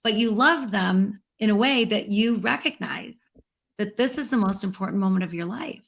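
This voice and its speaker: A woman interview guest talking in an earnest, reflective way, slowing down to stress key words. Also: medium pitch, lively intonation, vocal fry. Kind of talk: heartfelt interview conversation.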